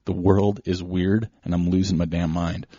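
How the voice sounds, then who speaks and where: A middle-aged man with a low, husky voice hosts a podcast and tells a story in a casual, rambling way, piling on one "so" after another. The recording sounds dry and a little dull. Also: normal speed, no room sound. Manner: rambling, excitable, strings events together with "so". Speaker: podcast host.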